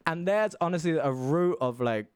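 A man's voice: a little high, lively intonation, normal speed, clear, resonant tone, no echo, clean studio sound. A man who performs as a drag queen, talking in a rambling, campy, theatrical way and calling people darling. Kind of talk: casual interview chat. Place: indoors, seated.

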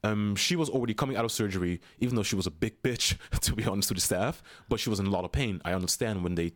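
A man with a fairly low voice, telling a story as a podcast guest. He talks casually and animatedly, tosses in "you know what I mean" every few lines, and turns blunt and profane when he gets heated. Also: fast talker.

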